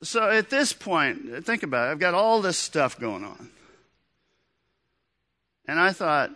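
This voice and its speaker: A man, a pastor, giving a sermon and telling a personal story in an animated, humorous way. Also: high-pitched, normal speed.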